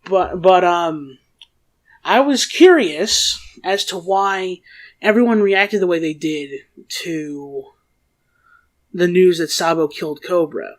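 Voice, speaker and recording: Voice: mid-range voice, takes it slowly. A co-host in a casual review chat, talking hesitantly with fillers and restarts. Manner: hesitant, many fillers and restarts, mock-dramatic when quoting. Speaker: podcast co-host.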